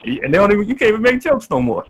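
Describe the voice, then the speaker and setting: A man in a casual chat who makes quick asides and stumbles over repeated words. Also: high voice, sing-song, a little hiss or hum.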